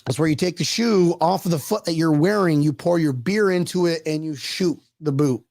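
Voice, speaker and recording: Man, high voice, casual co-host chat, animated, laughs a lot, dry close sound. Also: normal speed, vocal fry, no echo. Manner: animated, laughing, trails off and restarts.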